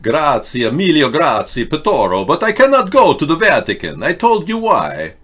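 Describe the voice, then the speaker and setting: A man putting on a mock Italian accent as an excitable older cleric figure, high and loud. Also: moderate pace, slightly rough, exaggerated voice. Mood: indignant.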